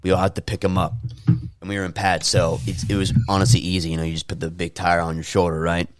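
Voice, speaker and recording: A young man in casual podcast chat, telling animated stories and shouting the quoted lines in high voices. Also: fast, no echo. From California. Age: young adult. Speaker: podcast co-host.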